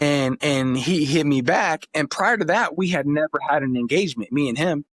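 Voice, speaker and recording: A man's voice: fairly high pitch, moderate pace, hardly any pauses, fairly bright tone, no room sound, clean studio sound. A man in his thirties, a podcast guest, telling family stories in an earnest, emotional way. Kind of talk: casual interview talk.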